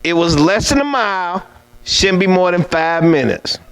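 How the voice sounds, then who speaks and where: A man's voice: sits high, lively intonation, normal speed, fairly bright tone, smooth, rough recording. A man emceeing an awards dinner, telling a funny story to the audience in a playful, teasing, chatty way.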